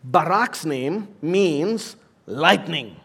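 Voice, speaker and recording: A middle-aged man, a senior pastor, preaching a sermon that swings from soft, low passages to loud, emphatic exhortation. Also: animated, very slow, slightly rough.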